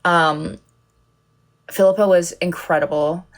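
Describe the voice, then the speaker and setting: A woman's voice: fairly low pitch, fairly even intonation, slow pace. A young woman chatting casually on a livestream, telling rambling, giggly, self-deprecating stories. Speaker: content creator on a livestream.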